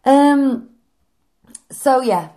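A woman's voice: high-pitched, lively intonation, extremely slow, warm tone. A woman co-hosting a podcast, telling stories in a chatty, enthusiastic way. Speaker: podcast co-host. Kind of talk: casual chat.

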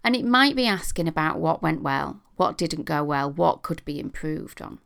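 A woman's voice: low voice, expressive, normal speed, gravelly, a bit bright. A middle-aged British woman hosting a podcast, talking casually and chattily with a self-deprecating sense of humour. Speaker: podcast host.

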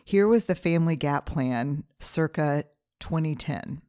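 A woman's voice: deep voice, a little slow, dark tone, dry recording, studio quality. A middle-aged woman hosting her own podcast, talking earnestly through numbered advice in a solo monologue. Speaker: podcast host.

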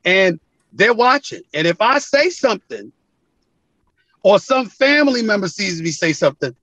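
Male sports commentator as guest, raised pitch, dry, animated, emphatic storyteller. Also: normal speed, no echo, low-quality recording. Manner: emphatic, acts out quoted calls with big pitch swings.

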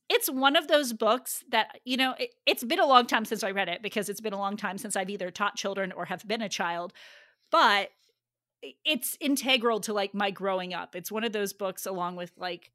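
A woman co-hosting a casual chat show who talks in a chatty, animated way. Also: mid-range voice, no room sound, clean studio sound. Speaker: podcast co-host.

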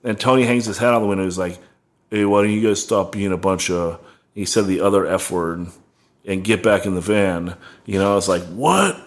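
A man's voice: low-pitched, steady tone, brisk. A young man casually telling a rambling, profane tour story, full of "like" and laughs. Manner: rambling, heavy on "like", swearing, laughing.

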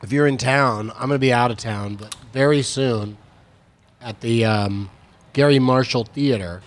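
A man's voice: medium pitch, measured pace. Joking man co-hosting a chat. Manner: joking, trivia-minded. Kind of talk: casual chat.

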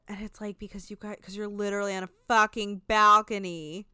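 Smooth-voiced sarcastic woman recapping a show. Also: medium pitch, level tone, bright, forceful tone, dry recording. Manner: sarcastic, swearing, quick asides. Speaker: podcast co-host recapping a reality show. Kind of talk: casual chat.

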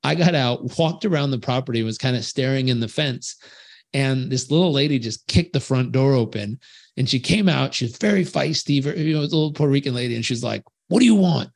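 Animated male storyteller in a podcast interview. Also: mid-range voice, a little fast, creaky. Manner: animated storyteller who acts out quoted voices. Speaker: guest, life coach. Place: home on a rural island beach.

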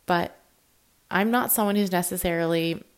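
A young self-employed woman talking candidly and emotionally about her work and feelings in a personal vlog, now and then acting out what others say in lively voices. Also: lowish voice, normal speed, clear, resonant tone. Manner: emotional, confessional, quotes people in animated voices. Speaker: self-employed social media creator.

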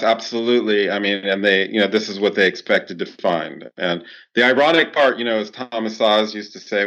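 A man's voice: sits low, fairly bright tone. A man answering interview questions as a clinical psychologist, explaining at length with many fillers and restarts. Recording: dull lo-fi sound.

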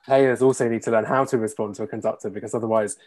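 A man's voice: on the low side, steady tone, darkish tone. A young man, a conductor, chatting as a podcast guest with easy enthusiasm. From England. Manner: quick, enthusiastic, laughing easily. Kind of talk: casual interview chat.

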